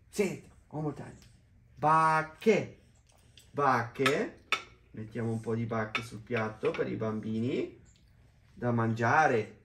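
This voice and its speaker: A woman, a parent, teaching young children Italian words in a hotel room, saying each word slowly and repeating it. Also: rumbling low, reverberant. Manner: slow, drawn-out repetition of each word. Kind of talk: children's vocabulary lesson.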